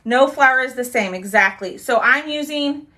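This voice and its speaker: A bubbly young woman chats her way through a live craft demo. Her voice is bright and a little high, and she keeps thanking viewers by name between steps. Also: normal speed. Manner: bubbly, talks to viewers while working, thanks commenters. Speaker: craft live-stream host.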